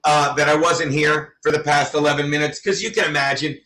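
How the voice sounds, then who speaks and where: Man, livestream host, angry profane rant, high-pitched, bright edgy tone, roomy echo, set back from the mic. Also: flat delivery, fairly quick. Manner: furious, profane, loud outbursts. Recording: roomy, from a distance.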